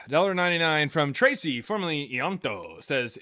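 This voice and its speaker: A man's voice: on the high side, sing-song, measured pace, pushed and bright, faint music behind. A man hosting a live stream, reading super chats in a casual, jokey, rambling way with many fillers.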